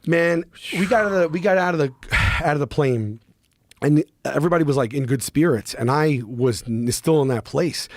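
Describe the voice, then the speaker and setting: A man telling a story in a casual talk, animated and expressive, swearing freely and acting out what others said. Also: on the high side, normal speed, no room sound, clean studio sound. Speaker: podcast guest.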